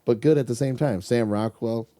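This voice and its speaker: A man with a very dark, mellow voice chats casually as a movie podcast co-host. He sounds enthusiastic, swears freely and often breaks into laughs. His pitch sits in an ordinary middle range. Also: normal speed. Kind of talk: casual movie recommendation chat.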